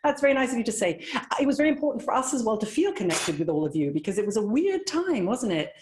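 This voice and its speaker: A woman's voice: on the high side, very animated, fast talker, darkish tone, roomy sound, slight background noise, poor audio. A woman hosting a casual live chat, talking freely with many fillers and frequent laughs. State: coughing from spicy food. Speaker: host. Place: home kitchen.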